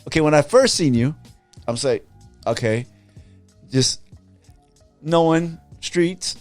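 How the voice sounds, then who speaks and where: A man's voice: fairly high pitch, takes it slowly, a little mellow, soft background music. A man hosting a podcast, chatting casually with his guest in a laid-back, encouraging way. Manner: laid-back, affirming, talks in short bits. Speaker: podcast host. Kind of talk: casual interview.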